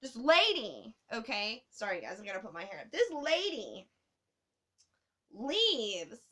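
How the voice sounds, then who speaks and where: A woman telling a travel story to her camera in a casual, animated way, swearing often. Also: a little high, unhurried.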